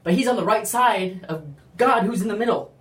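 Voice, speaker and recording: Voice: medium pitch, brisk. A speaker giving a casual faith testimony, rambling with lots of "like" and acting out quotes animatedly. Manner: rambling, heavy use of "like"; animated storytelling with acted-out quotes. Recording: roomy, distant from the mic.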